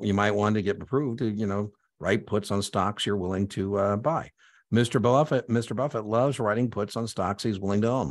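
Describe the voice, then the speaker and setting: A male exam prep instructor with a very deep, low voice lectures live online. He is energetic and conversational, driving his points home with emphatic "boom"s.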